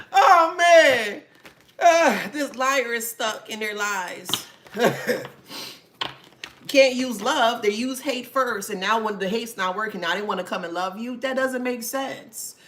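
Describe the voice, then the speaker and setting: A woman's voice: fairly high pitch, noisy background. A woman hosting a casual talk to camera, sassy, laughing often and swearing freely. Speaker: channel host.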